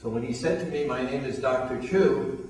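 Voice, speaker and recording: A man's voice: mid-range voice, normal speed, a little mellow, far from the mic. An older man recounts a long personal story as a talk show guest, slipping into the voices of the people he quotes. He sits well back from the mic, and the room rings with heavy echo. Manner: anecdotal, acts out quoted dialogue. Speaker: guest, weight loss program founder. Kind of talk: storytelling interview.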